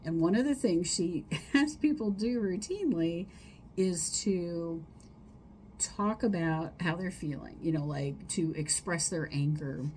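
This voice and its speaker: A middle-aged woman therapist speaks in a slow, slightly low voice, chatting casually and wandering between thoughts. She demonstrates breaths and sighs aloud as she explains them. A faint hiss of background noise runs under her voice. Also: a little mellow. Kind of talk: casual solo talk giving wellness tips.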